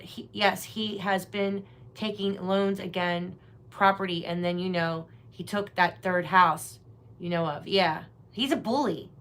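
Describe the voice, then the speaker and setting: A woman with a mid-range, slightly bright voice hosts a live tarot reading stream. She's chatty and rambling, talking casually and directly to her viewers.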